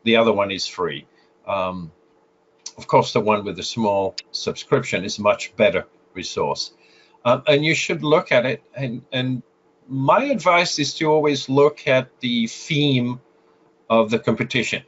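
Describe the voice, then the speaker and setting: This interview features a French-accented guest photographer sharing advice, stumbling through frequent fillers and restarts. He speaks a little slowly at medium pitch, with lively intonation and a slightly bright tone. The lo-fi recording is slightly muffled and carries a little hiss or hum.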